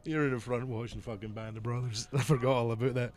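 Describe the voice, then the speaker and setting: A man's voice: mid-range voice, fast talker. A man casually telling a rowdy story on a podcast, swearing often and laughing as he talks. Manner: animated, profane, laughs through the story.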